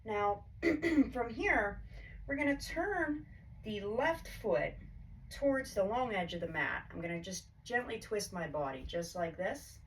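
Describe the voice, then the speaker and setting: A woman yoga instructor calmly cueing poses and breaths in a guided class, her throat a little choked up. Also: mid-range voice, measured pace. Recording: distant mic with faint background hiss.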